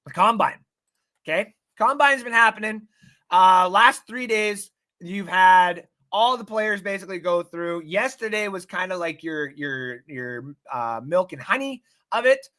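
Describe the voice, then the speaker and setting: A man hosting a casual live-stream sports talk show, swearing often, rambling excitedly and reading out viewer comments. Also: sits high, measured pace. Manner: reads out and thanks chat viewers.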